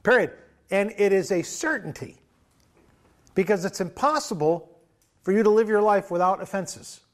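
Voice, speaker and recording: A man's voice: high-pitched, normal speed. A man preaching a sermon as pastor, in a conversational way, often chuckling and restarting his sentences.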